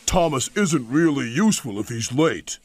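A man's voice: mid-range voice, big pitch swings, moderate pace. A man doing a haughty big engine. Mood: huffy. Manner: huffy and haughty. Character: big proud pompous express engine.

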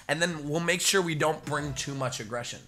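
A man chatting casually while playing an online match, calmly encouraging his teammate and calling out plays over a headset voice chat. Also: a little high. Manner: calm, encouraging, gives quick callouts to a teammate. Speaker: gamer and channel host.

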